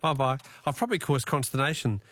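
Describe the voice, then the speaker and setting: A man's voice: medium pitch, animated, fast, a bit bright, a little hiss or hum. An Australian man hosting a casual radio talkback quiz, chatty and jokey, laughing often.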